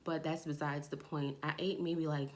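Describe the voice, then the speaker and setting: A young woman chats to her camera, telling a long personal story in a loose, lively way. Her voice sits a little low for a woman, but it jumps much higher whenever she quotes herself or her friends. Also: moderate pace. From Jamaica. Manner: animated, acts out quoted friends in a raised voice. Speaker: vlogger.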